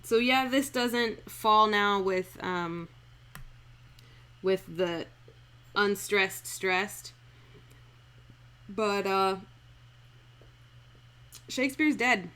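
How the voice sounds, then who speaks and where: A woman giving a casual, irreverent acting lesson, reading verse lines slowly aloud to test their rhythm and breaking them down for a live stream. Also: mid-range voice, a bit bright, clear, resonant tone. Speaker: acting coach streaming a script analysis.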